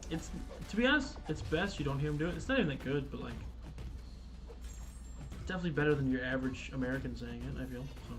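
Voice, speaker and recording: A man's voice: medium pitch, lively intonation, quick pace, long pauses, over music. A man hosting a casual gaming livestream, chatting loosely with viewers, swearing and stumbling over restarts and fillers. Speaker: livestream host.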